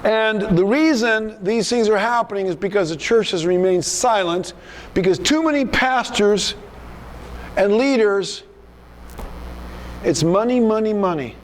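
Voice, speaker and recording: A man's voice: high voice, a little slow, a little hiss or hum. A male pastor preaching a sermon in an emphatic, rebuking manner, often repeating himself.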